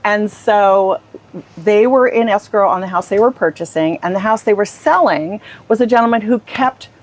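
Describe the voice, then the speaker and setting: A middle-aged woman recounts her work stories in an interview, her voice at an average pitch. She tells them with animation and slips into the voices of the people she quotes. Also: moderate pace. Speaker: real estate agent, guest. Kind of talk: storytelling interview.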